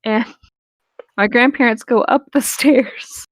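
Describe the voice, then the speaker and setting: A woman's voice: on the high side, steady tone, takes it slowly, no echo. A woman in her twenties, casually telling a rambling story with lots of fillers and swearing, as a podcast co-host.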